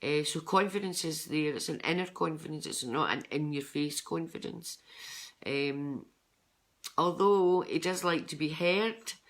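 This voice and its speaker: A woman's voice: deep voice, measured pace. Chatty older Scottish woman reading tarot. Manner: chatty and rambling, with frequent ums and restarts. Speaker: psychic tarot reader. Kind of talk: unscripted tarot card reading.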